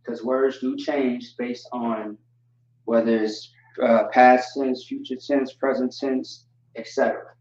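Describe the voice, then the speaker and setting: A man teaching a livestream lesson, explaining slowly and deliberately with frequent fillers. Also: medium pitch, steady tone, a little mellow, a little hiss or hum. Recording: distant, echoey and dull lo-fi audio.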